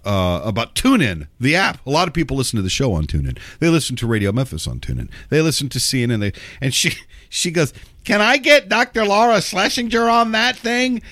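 Still shaking off a cold, this male radio host delivers a rambling talk radio monologue full of sarcasm and profanity, repeatedly restarting sentences. His voice swings widely in pitch, and the recording is dry and close.

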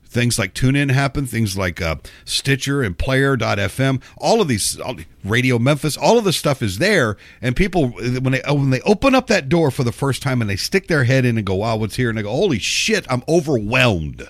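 A man hosting a talk radio show, rambling and sarcastic with plenty of cursing, getting over a cold and clearing his throat. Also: medium pitch, big pitch swings, fairly quick, few pauses, no room sound. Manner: sarcastic, profane, rambling with restarts. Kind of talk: casual talk radio monologue.

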